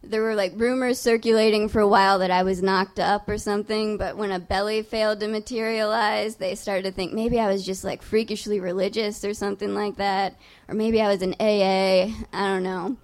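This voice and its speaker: A woman's voice: medium pitch, little pitch movement, fairly quick, few pauses. A young adult woman telling a personal story live on stage, in a casual, profane, self-mocking way. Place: on stage before a live audience.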